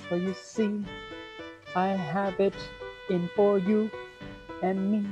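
An improviser playing a chivalrous, grandiose old-fashioned gentleman in a musical comedy scene, over a video call. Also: mid-range voice, little pitch movement, muffled recording, close to an everyday voice. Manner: grandiose, quick bursts, mock sneezes. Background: fiddle music.

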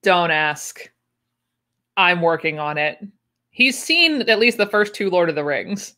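A woman's voice: on the low side, very animated, unhurried, bright, forceful tone. A young woman chatting casually on a livestream, with wry asides and easy laughs. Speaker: livestream host unboxing sewing patterns. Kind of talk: casual chat.

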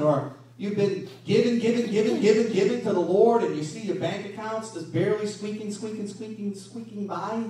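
A man's voice: high voice, moderate pace, few pauses. Guy preaching, asks the crowd lots of questions, sounds far off and super echoey. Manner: animated preaching with rhetorical questions. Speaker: pastor. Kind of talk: sermon. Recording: echoey room from a distance.

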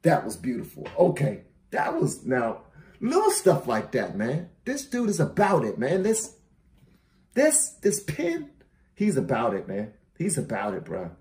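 A host reacting to a rap song in casual commentary, who talks in an animated, slangy way and repeats phrases. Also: medium pitch, a little slow. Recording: roomy echo.

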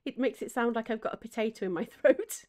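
Female streamer, casual and giggly, reads chat, slightly high voice. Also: fast talker, a little mellow. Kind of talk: casual chat while gaming.

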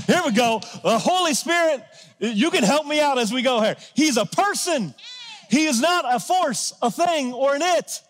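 A man with a notably high speaking voice delivers a sermon in a lively, conversational way, dropping to quiet asides and then surging into emphatic, shouted lines. The sound carries a long reverb from a large church sanctuary. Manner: energetic, conversational preaching with sudden loud peaks. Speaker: pastor.

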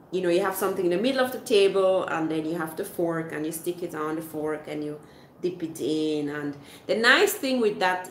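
A woman's voice: lowish voice, roomy sound, a little hiss or hum. A woman from Switzerland hosting a casual livestream, reading viewer comments and explaining at length with fillers and restarts. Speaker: livestream host reading chat. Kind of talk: casual live chat.

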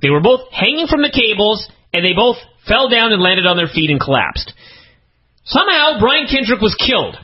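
Exasperated man with a husky, lively voice. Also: moderate pace. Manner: exasperated, incredulous, swings pitch up for emphasis. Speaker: podcast co-host reviewing wrestling TV. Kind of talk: casual comedic review chat. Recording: dull lo-fi podcast audio.

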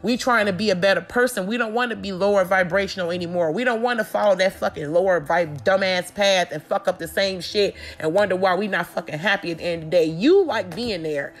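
A woman's voice: medium pitch, brisk, few pauses. A woman doing a casual tarot reading, talking bluntly and confrontationally with lots of swearing. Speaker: tarot reader.

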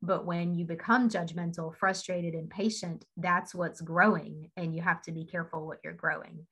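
A woman's voice: on the low side, fairly even intonation, normal speed, fairly bright tone, breathy edge, poor audio. A woman speaking on a team video call, telling a story in a chatty way and laughing often. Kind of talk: casual motivational talk.

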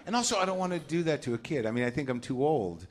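A man's voice: mid-range voice, animated, fast, very noisy. A man in his forties doing a stand-up comedy set on stage, ranting neurotically and acting out little scenes. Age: 40s. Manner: neurotic, ranting, acts out voices. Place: comedy club stage before a live audience.

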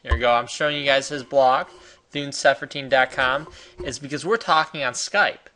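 A man's voice: mid-range voice, moderate pace, pushed and bright, a little hiss or hum. A man from the United States hosting a casual, enthusiastic tutorial while sharing his screen. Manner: enthusiastic, chatty, salesy. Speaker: host.

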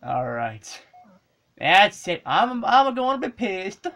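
A woman giving casual commentary while playing an old handheld game, excitable and swearing and yelling at the screen. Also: mid-range voice, takes it slowly. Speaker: let's play gamer.

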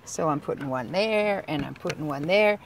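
A woman dog trainer explaining a grooming-table exercise, breaking into loud, excited praise and cues for the dog. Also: deep voice, normal speed, gravelly, a little hiss or hum. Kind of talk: hands-on training demo.

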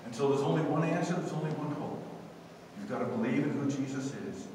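A man's voice: mid-range voice, fast talker, noisy background. A man preaching a sermon as pastor, emphatic with call-and-response, recorded from a distance in a church sanctuary. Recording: echoey hall from far off.

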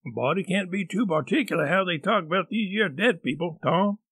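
Scared backwoods boy read by a man, high and shaky, strained rustic whisper. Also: fairly quick, fairly bright tone, slightly rough, no echo, heavily acted. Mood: solemn hush. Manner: frightened whispering in rural dialect.

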